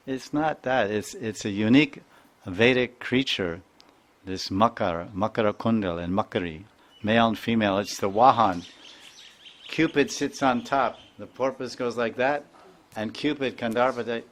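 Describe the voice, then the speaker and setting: A man giving a devotional lecture as a spiritual teacher, chanting verses and imitating sounds in a playful, animated way. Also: on the low side. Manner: animated, playful, mimics sounds and voices, chuckles often.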